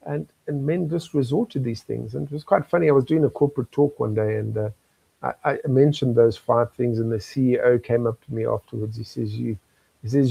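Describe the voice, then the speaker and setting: Older South African man, gravelly and dry, earnest guest who chuckles through his stories. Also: medium pitch, brisk, darkish tone, no echo, rough recording. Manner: earnest, storytelling, chuckles often. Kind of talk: candid interview talk.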